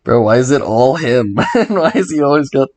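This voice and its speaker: A man's voice: mid-range voice, very animated, normal speed, a little mellow. A young man talking casually on a late-night livestream, tired and drowsy, loose and swearing, chuckling to himself. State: sleepy and tired. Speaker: streamer.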